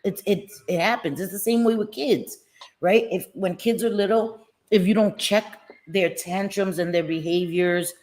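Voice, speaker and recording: A middle-aged woman with a mid-range voice tells stories in an unhurried way on a casual live stream chat. Her delivery is blunt and animated, with plenty of profanity.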